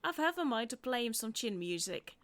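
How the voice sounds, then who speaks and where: A woman's voice: a little high, very animated, brisk, fairly bright tone, a little hiss or hum. A woman voicing a boastful, vain male hunter while reading game dialogue aloud, full of old-timey slang.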